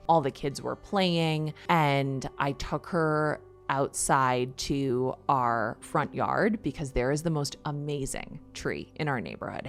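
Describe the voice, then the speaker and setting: Middle-aged female host with a deep voice; candid, heartfelt monologue that trips over itself. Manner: earnest and confessional, with rushed restarts. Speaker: podcast host. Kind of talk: personal storytelling monologue.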